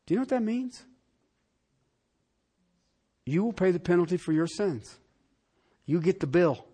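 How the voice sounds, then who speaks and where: A man preaching a sermon, asking the congregation direct questions and swinging from loud emphatic lines to quiet ones. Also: high-pitched, lively intonation, a little slow, slightly rough. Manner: talks straight to the congregation with rhetorical questions. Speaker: pastor.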